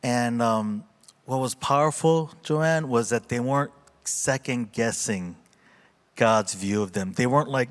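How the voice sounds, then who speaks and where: This pastor's mid-range voice moves at a normal speed as he shares a heartfelt story informally at church, stumbling through many fillers and restarts. It's a loose mix of testimony and reflection.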